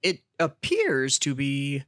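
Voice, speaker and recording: A man's voice: medium pitch, wildly swooping pitch, slow, a bit bright, no echo, clean studio sound. A man co-hosting a podcast, bantering casually, swearing and laughing a lot. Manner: joking, swears, laughs often. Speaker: podcast co-host.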